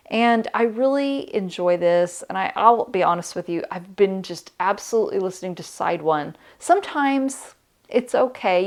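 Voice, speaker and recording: A woman's voice: mid-range voice, a little mellow. Middle-aged woman, record-channel host, earnest and reflective, mid-range voice. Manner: reflective and heartfelt, with frequent "uh" and "um". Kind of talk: casual talk to camera.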